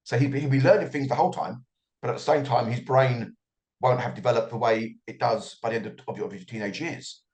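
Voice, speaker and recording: A man's voice: mid-range voice, fast, a little mellow. A middle-aged man answering as an author guest in an interview, reflective and often repeating his words as he starts a thought.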